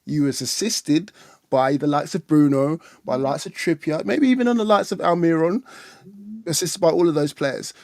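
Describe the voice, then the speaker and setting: A man's voice: on the high side, moderate pace, a little mellow, dry recording, studio quality. A man co-hosting a casual fan livestream, ranting bluntly and animatedly, with mocking put-on voices. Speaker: fan channel co-host. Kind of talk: casual livestream football chat.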